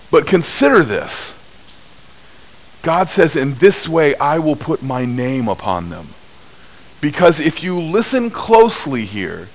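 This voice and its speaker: A man preaching a sermon, telling stories at an unhurried pace with big swings in pitch and loudness. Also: rough recording. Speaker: pastor.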